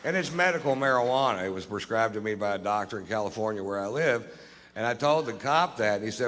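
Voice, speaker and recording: Deep-voiced deadpan male stand-up comic. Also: a little fast. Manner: deadpan, drawling, profane. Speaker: stand-up comedian. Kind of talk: stand-up storytelling. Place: comedy stage before a live audience. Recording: live hall recording with long reverb, faint ambience.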